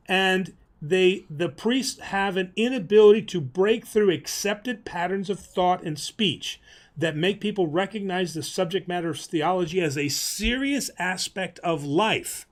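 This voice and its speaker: A priest with a fairly high voice explains things on a livestream in a loose, rambling, chatty way, keeping a casual teaching tone. He laughs easily, fills pauses with ums, and often restarts his sentences.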